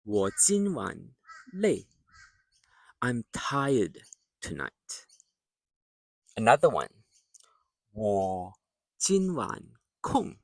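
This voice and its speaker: A man teaching a beginner language lesson, speaking patiently and repeating each word clearly. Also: fairly low pitch, huge pitch swings, drawn-out words, long pauses, no echo, clean studio sound, recorded from a distance.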